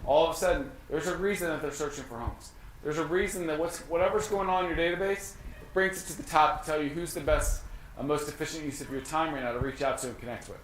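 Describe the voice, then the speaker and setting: A man giving an energetic, conversational information session, often acting out short exchanges with clients. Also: fairly high pitch, fast. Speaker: real estate brokerage leader. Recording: echoey room with faint noise.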